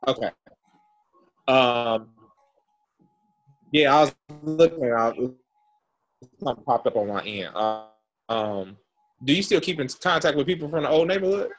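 A man chatting casually over a remote call, relaxed and slangy, laughing easily and asking questions. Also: mid-range voice, measured pace, pauses often, faint music behind. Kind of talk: casual chat.

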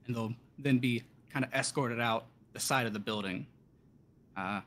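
A man narrating as game master of a tabletop game, in loose, halting speech full of fillers. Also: mid-range voice, a bit bright.

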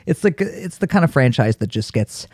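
Co-host, man, chatty and animated, full of fillers, in a dry close sound. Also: medium pitch, moderate pace, husky, no room sound. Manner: chatty, many "like" fillers, laughs often. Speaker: podcast co-host. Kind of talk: casual chat.

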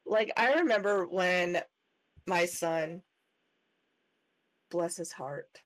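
A mother co-hosting a podcast, telling an animated parenting story in casual chat. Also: fairly low pitch, very slow, low-quality recording. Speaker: podcast co-host.

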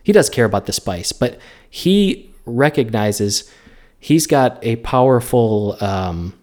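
A man's voice: mid-range voice, expressive, slow pace, a little mellow. A man co-hosting a casual movie podcast, rambling through the plot, restarting sentences and laughing often. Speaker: podcast co-host.

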